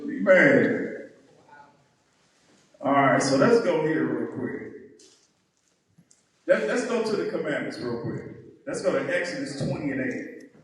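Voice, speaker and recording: A man's voice: fairly high pitch, lively intonation, slow, long pauses. A man teaching a heated Bible lesson, emphatic and mocking, often tagging his points with "right?". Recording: echoey hall, mic far off.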